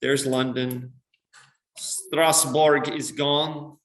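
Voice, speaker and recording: Bright-voiced man teaching a coding class. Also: medium pitch, level tone, very slow. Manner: explains step by step, many "um" and "right?" checks. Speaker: computer science teacher. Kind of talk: classroom lesson on screen.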